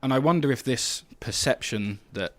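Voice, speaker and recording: A man's voice: mid-range voice, moderate pace, fairly bright tone, no room sound. A man with an Estuary English accent, giving his views as a panelist in a podcast discussion.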